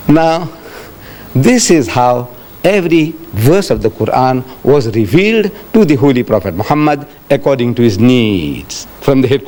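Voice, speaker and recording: Animated man giving a lecture. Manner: animated storytelling, acting out quotes with sharp pitch jumps; addresses audience directly, rhetorical questions. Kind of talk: religious lecture.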